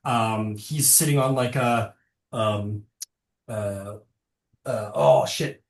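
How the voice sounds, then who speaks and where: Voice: mid-range voice, slow pace, vocal fry. Game master, rambling narration, lots of fillers, echoey room. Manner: rambling, full of fillers and self-corrections.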